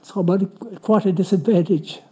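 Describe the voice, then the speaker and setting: A man asking a question as a resident at a council meeting, halting and restarting often. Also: high voice, warm tone, breathy edge, low-quality recording. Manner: halting, with many restarts and fillers. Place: council chamber.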